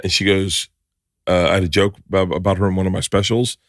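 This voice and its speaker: Deep-voiced, joking comedian dad. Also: male voice, level tone, quick pace, no echo, clean studio sound. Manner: loud, joking, profane storytelling. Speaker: comedian, father, podcast co-host. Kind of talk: casual podcast chat.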